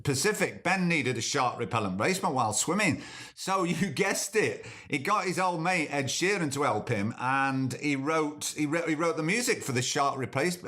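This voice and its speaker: A man's voice: on the high side, expressive, normal speed, pushed and bright. A man hosting a comedy podcast, rambling in a dry, sarcastic way. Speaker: podcast host.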